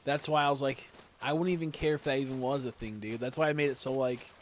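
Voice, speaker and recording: A man's voice: mid-range voice, fairly even intonation, fast, slight background noise. A young man in casual live-stream chat, rambling and swearing as he talks to his viewers.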